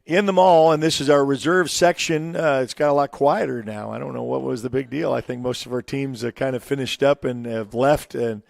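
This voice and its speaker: Gravelly-voiced sports show host. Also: male voice, medium pitch, steady tone, fairly quick, hardly any pauses, a little mellow. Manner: chatty, asks players questions, trails off. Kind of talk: casual interview. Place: restaurant in a mall.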